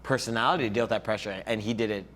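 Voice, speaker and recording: A man talking esports analysis at a desk show in a relaxed, conversational way. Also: on the low side, rapid-fire. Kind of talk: casual esports desk chat.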